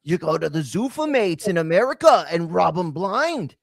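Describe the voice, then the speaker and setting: A man's voice: high voice, big pitch swings, moderate pace, creaky, no echo, clean studio sound, full character voice. A man voicing a scheming middle-aged British boxing promoter, in an exaggerated mock British accent full of slang. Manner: exaggerated cockney slang, sly persuading.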